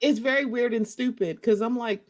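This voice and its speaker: A woman's voice: on the high side, moderate pace. A woman hosting a podcast, chatting casually and sassily about reality TV, acting out what she would say. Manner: animated, sassy, mimics voices in quotes. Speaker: podcast host. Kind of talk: casual gossip chat.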